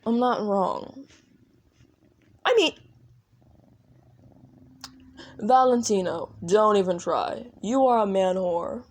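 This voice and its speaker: Woman voicing a male TV demon, possessive, smooth, coaxing, slow-spoken, fan audio drama. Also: mid-range voice. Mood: blunt. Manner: smooth, coaxing, quietly controlling. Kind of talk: fan audio role-play.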